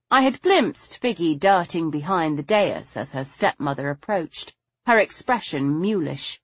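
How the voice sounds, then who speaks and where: Slow, husky woman narrator. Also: low-pitched, dry recording. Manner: measured, expressive reading. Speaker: audiobook narrator. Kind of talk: scripted narration. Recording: slightly dull, dry audio.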